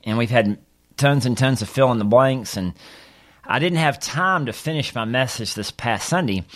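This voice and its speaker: A man, a pastor, teaching a Bible study on a podcast and reading scripture in an earnest, steady way. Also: mid-range voice.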